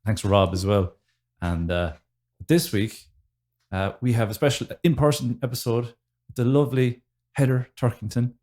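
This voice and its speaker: A man with a Wexford Irish accent co-hosting a podcast in relaxed, chatty talk. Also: mid-range voice, moderate pace. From Wexford, Ireland. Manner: relaxed, chatty, laughs often. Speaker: podcast co-host. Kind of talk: casual chat. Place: indoors, in a house.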